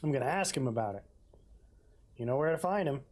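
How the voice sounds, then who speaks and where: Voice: medium pitch, animated, brisk, darkish tone. A let's-play gamer reading mystery game dialogue aloud and adding casual, jokey asides.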